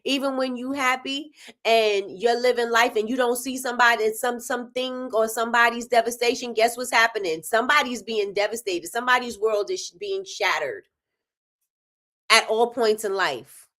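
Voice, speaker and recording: A middle-aged woman hosting a casual talk stream, talking straight to her audience. Her voice is bright and tense at the edges, and she breaks into laughter often. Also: on the high side, moderate pace. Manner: animated, laughs often, talks straight to viewers. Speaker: host. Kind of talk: casual livestream chat.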